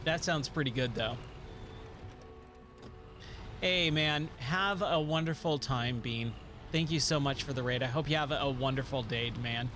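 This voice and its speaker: A man's voice: mid-range voice, unhurried, long pauses, music in the background. A man streaming a video game, chatting casually with his viewers in a laid-back way and laughing often. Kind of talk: casual live-stream chat.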